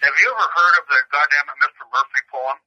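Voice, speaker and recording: A man's voice: on the high side, expressive, fast, bright, forceful tone. A man who is a prison inmate, rambling through stories and crude jokes, stumbling and repeating words over a phone call. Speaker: prison inmate taking questions. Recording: muffled lo-fi phone line.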